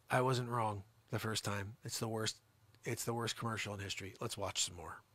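A man hosting a live improvised comedy show, teasing and scolding a caller in a loud, mock-outraged rant. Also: fairly low pitch, steady tone, measured pace.

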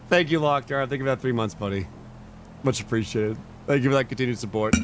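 A young man streams live with a slightly high, brisk, somewhat bright voice, and there's a faint hiss or hum. He chats casually in a laid-back way, chuckling as he reads out messages and thanks his chat.

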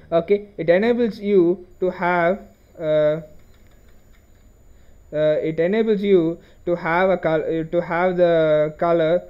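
High-voiced man explaining code, dull lo-fi sound. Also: darkish tone. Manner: explains step by step with frequent okays and restarts. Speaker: programming tutorial host. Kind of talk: screen-recorded coding lesson.

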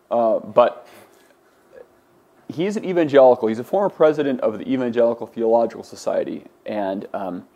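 A man's voice: lowish voice, vocal fry, dark tone, husky. A man teaching a Greek class, lecturing in a conversational way with many fillers and restarts. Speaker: Greek instructor.

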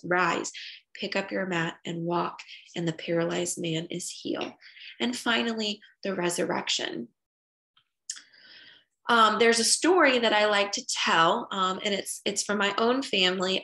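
Earnest woman teaching faith, gravelly edges. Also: mid-range voice, a bit bright. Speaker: parish religious education speaker. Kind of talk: catechetical talk to parents.

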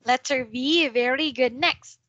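Bright, slow-paced woman teaching English. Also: high-pitched, dry recording, lo-fi sound. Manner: patient, drills pronunciation with slow repetitions. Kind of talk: online one-to-one tutoring. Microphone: video call.

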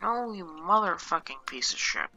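Woman swearing through gameplay commentary, gravelly. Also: on the low side, lively intonation, moderate pace, sharp tone, highs cut off, faint music behind. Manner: swears a lot, exasperated, laughing at herself. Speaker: gameplay streamer.

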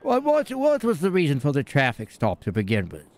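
A senile old mayor who rambles, stammers and insists on things that are not true, as a man puts him on. His voice sits high and swings all over the place. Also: huge pitch swings, brisk. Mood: confused. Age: older. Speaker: roleplayer. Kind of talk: game role-play.

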